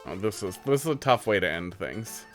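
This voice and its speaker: A man's voice: on the low side, expressive, brisk, music in the background. A man streaming live, playing viewer-made game levels and giving rambling, candid critique in a casual way.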